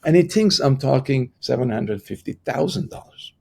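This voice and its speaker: Gravelly middle-aged man telling a story. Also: medium pitch. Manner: animated storyteller who acts out the voices of people he quotes; halting, with frequent restarts. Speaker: podcast guest. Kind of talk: conversational storytelling in an interview.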